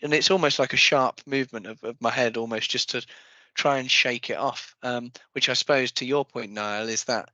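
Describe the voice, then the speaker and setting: A man's voice: mid-range voice, steady tone, moderate pace, sharp tone, no room sound, lo-fi sound. A man co-hosting a podcast, speaking in a hesitant, reflective way. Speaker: podcast co-host. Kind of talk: casual chat.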